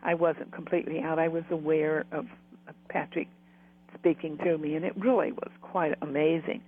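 A man's voice: on the high side, flat delivery, moderate pace, narrow, tinny audio. A man, a guest who works as a spiritual medium, telling rambling stories in an interview with frequent restarts. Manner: rambling, restarts often, laughs while telling. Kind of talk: storytelling interview.

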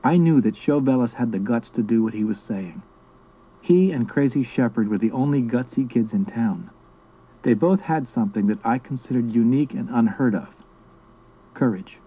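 A man from South America reading his memoir aloud in a steady, measured storytelling manner. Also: mid-range voice, poor audio. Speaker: narrator.

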